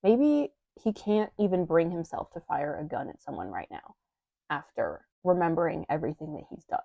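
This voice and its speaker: A woman's voice: deep voice, sing-song, moderate pace, gravelly, mellow, no room sound. A young woman reviewing a manga in a chatty, wry manner with playful asides, reading from a script.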